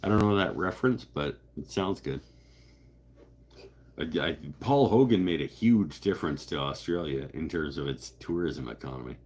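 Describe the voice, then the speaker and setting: Husky low-voiced man chatting on a livestream. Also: lively intonation, normal speed, darkish tone. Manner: rambling, joking, self-interrupting. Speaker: livestream host. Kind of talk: casual chat reading live comments.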